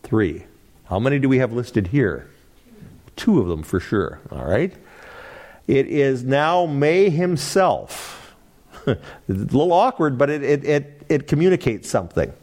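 Male Bible study teacher, animated delivery, engages the class with questions. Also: mid-range voice, unhurried, pauses often. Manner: animated, asks the class questions, laughs lightly. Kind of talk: interactive Bible class lecture.

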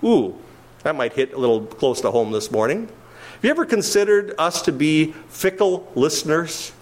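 A pastor with a slightly high voice, lively intonation and normal speed preaches an expository sermon to his congregation. He emphatically stresses key words, explains the original wording, and puts questions to his listeners.

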